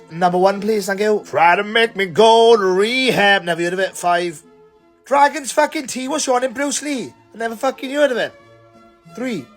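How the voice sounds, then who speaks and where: A South Welsh man delivering a profane, exasperated comic monologue to camera, ranting and swearing freely. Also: high voice. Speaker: comedy TikTok creator.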